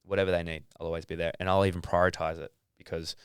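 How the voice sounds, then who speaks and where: Deep-voiced Australian man, smooth and dry. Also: fast talker, no echo. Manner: relaxed, swears casually, acts out his own inner thoughts. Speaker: podcast guest, athlete. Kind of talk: casual interview talk.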